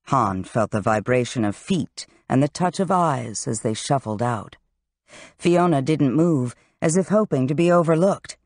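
An audiobook narrator reading a fantasy novel in an expressive, scripted way on a close mic. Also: mid-range voice, measured pace, no room sound.

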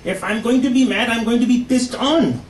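A man's voice: extremely high pitch, normal speed, very noisy, voice pushed up. A man voicing a puzzled, indignant immigrant father with an Indian accent who lectures as he talks. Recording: echoey club from a distance.

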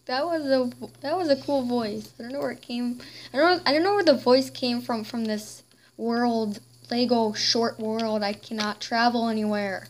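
A woman's voice: on the high side, slight background noise. A woman giving playful, chatty gameplay commentary while role-playing as a queen. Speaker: game player.

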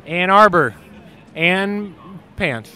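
A man joking around as a mock sports reporter, interviewing fans outdoors at a stadium tailgate with goofy, deadpan punchlines. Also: sits high, very slow.

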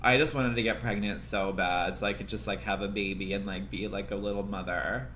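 A man's voice: on the low side, steady tone, a little fast, sharp tone, a little hiss or hum. A young adult man chatting casually on a livestream, profane and complaining, congested and coughing now and then.

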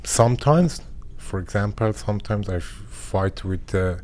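A young man with a Persian accent, a boxer and a guest in a studio interview, speaking halting English and searching for words. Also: fairly low pitch, animated, darkish tone, a little hiss or hum. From Iran. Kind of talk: interview conversation. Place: podcast studio.

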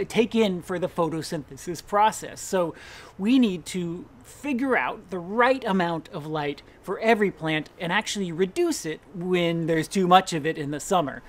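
A man hosting a gardening video, talking in a playful, rambling, enthusiastic way as he explains how plants use sunlight. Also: high-pitched. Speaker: gardening show host. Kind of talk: casual educational talk to camera.

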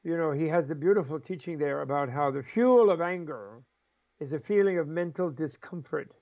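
A man's voice: on the high side, normal speed, a little mellow, lo-fi sound. An older man, a Buddhist scholar and interview guest, telling rambling, chuckling stories and acting out the voices in them. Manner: chuckling, acts out voices in quotes, rambling asides. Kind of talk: animated storytelling in conversation.

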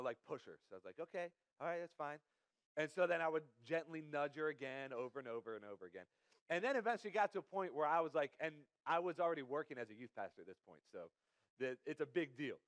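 A man's voice: on the high side, no room sound. A young man preaching a sermon as pastor, telling a personal story with self-deprecating humor. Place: church.

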